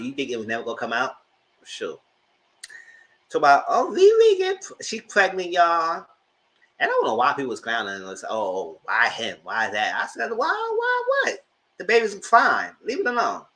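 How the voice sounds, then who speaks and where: Sassy guy in riffing to his viewers, bright voice, pitch jumping all over. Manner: animated, sassy, laughs often. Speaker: host. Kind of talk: casual commentary chat.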